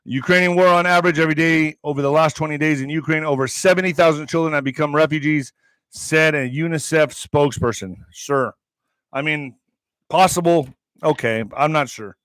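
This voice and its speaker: Man, commentary host, heated, sarcastic, profane, slightly high voice, dry close mic. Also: brisk, a bit bright, smooth, dry recording. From Mexican heritage. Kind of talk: reading headlines and ranting.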